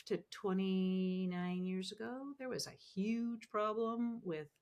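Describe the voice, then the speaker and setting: A woman telling animated, emotional stories as a podcast guest, acting out the voices she quotes. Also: medium pitch, slow. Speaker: podcast guest, ministry founder. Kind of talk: conversational storytelling interview.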